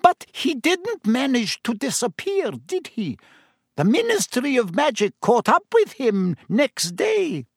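A man voicing a curious, fretful female innkeeper in a storybook reading, lifting his voice high for her questions. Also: huge pitch swings, slow pace, gravelly, no echo, clean studio sound, heavily acted.

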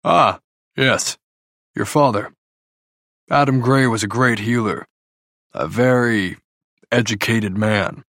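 A man voicing a curious, thoughtful king in a storybook reading, speaking in a measured, formal way. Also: fairly low pitch, a bit bright, no echo, studio quality.

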